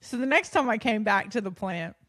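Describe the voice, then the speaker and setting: A woman hosting a podcast, telling a personal story in an animated, self-deprecating way, often laughing mid-sentence and acting out past thoughts. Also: medium pitch, brisk, no echo, studio quality. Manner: acts out her own past thoughts and others' speech; frequent restarts and fillers. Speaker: podcast host.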